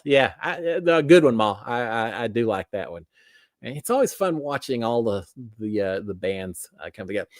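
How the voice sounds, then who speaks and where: A middle-aged man rambles through a casual livestream chat, stopping and restarting his sentences and poking fun at himself. His voice sits at an ordinary pitch. The sound is close and dry. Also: big pitch swings, moderate pace, dry recording. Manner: rambling, self-deprecating, many restarts. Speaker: livestream host. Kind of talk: casual chat reading viewer comments.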